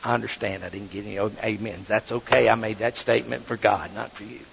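A man preaching a sermon as pastor, swinging between loud bursts and hushed asides. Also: lowish voice, fairly even intonation, brisk, gravelly, slight background noise. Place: church sanctuary. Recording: dull, reverberant sanctuary audio.

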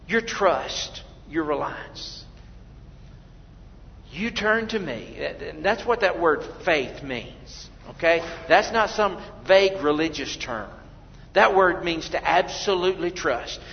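A male pastor with a high voice delivers a sermon at an unhurried pace, swinging from loud cries to near-whispers. The sound is dull and lo-fi, with a long hall reverb and a faint low rumble behind him. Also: lively intonation, creaky. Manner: dramatic shifts between loud exclamation and hushed quotes.

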